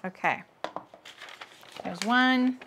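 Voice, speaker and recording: A woman's voice: sits high, extremely slow, a bit bright, slight background noise. A woman in her thirties hosting a casual sewing livestream, chatting with viewers and laughing at her own jokes as she works.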